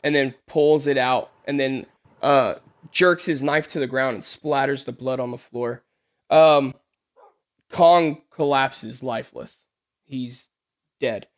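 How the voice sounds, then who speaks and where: A man's voice: mid-range voice, slow pace. A man narrating a tabletop game as game master, loose and rambling with crude jokes.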